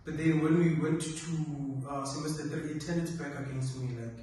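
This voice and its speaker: A man's voice: on the high side, moderate pace. A young man, a medical student chatting casually and rating his modules. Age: young adult. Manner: relaxed, filler-heavy rating talk. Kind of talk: casual chat. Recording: echoey room, distant mic.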